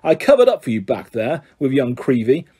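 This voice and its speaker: Man reading as vain teacher; jovial, patronising, mellow, slightly husky. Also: mid-range voice, big pitch swings, a little fast.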